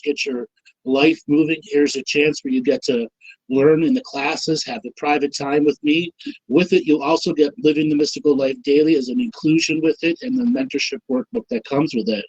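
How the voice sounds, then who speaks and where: A man co-hosting an online talk show, leading a slow, calm guided meditation with soothing instructions. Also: on the high side, slightly rough, rough recording. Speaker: co-host leading a guided session.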